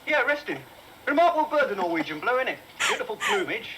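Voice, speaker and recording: A woman's voice: mid-range voice, sing-song, quick pace, natural voice. A woman voicing an evasive male pet shop keeper who makes excuses and chuckles as he talks. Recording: loud background noise.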